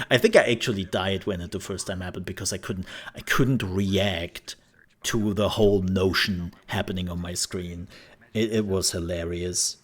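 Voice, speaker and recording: Male gaming host, lowish voice, lively storyteller. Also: husky. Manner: animated storyteller who laughs and acts out scenes. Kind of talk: casual commentary over gameplay.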